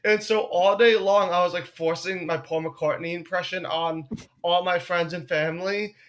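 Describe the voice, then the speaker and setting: A young man, a comedian, talking casually on a podcast, animated and swearing freely. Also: high-pitched, normal speed, crowd noise. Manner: animated, swears often, breaks into loud joking voices.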